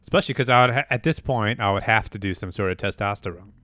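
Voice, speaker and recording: Man, podcast co-host, easygoing casual chat, low voice, smooth tone. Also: fast talker, a bit bright, no echo, studio quality. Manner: easygoing, agreeable, musing.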